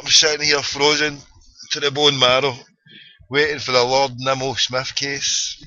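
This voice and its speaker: A man's voice: mid-range voice, flat delivery, normal speed, sharp tone. A Scottish man hosting a late-night internet radio show, ranting and joking in slangy banter. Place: small cold room at home. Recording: dull lo-fi online radio stream.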